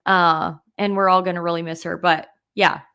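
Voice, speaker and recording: A woman's voice: on the low side, little pitch movement, normal speed, sharp tone, clean tone. A young adult woman co-hosting a podcast, telling a personal story in casual chat with many "like" fillers and open emotion. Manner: emotional, heavy use of "like" fillers. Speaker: podcast co-host.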